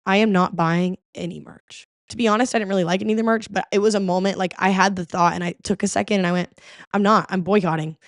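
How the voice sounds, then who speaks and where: Woman, podcast host, casual chat, animated storytelling, dry close sound. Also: mid-range voice, fast talker, hardly any pauses, no echo. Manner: animated storytelling with quoted voices.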